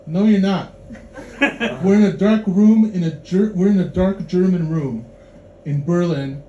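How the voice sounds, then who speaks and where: A man from Poland doing dry, dark stand-up and teasing the crowd, on a handheld mic in a club. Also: high-pitched, unhurried, lo-fi sound. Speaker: stand-up comedian. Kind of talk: stand-up comedy. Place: dark club room in a city. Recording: echoey club with loud audience noise.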